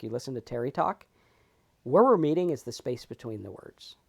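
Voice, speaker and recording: A man co-hosting a talk on recovery, animated and emphatic, acting out characters in his stories and swearing freely. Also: medium pitch. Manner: animated, acts out characters in anecdotes. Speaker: podcast co-host. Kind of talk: casual spiritual recovery talk.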